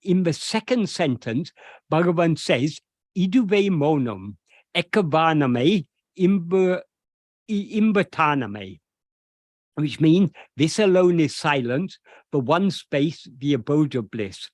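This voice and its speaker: A man explaining a devotional verse as a spiritual teacher, slow and deliberate with frequent hesitations. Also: fairly high pitch, expressive, darkish tone, dry recording.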